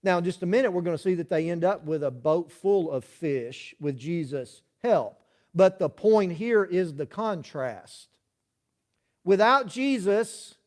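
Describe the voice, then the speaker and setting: A man's voice: high-pitched, darkish tone. A male pastor preaching a sermon in a conversational way, often checking in with the congregation with "right?" asides. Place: church.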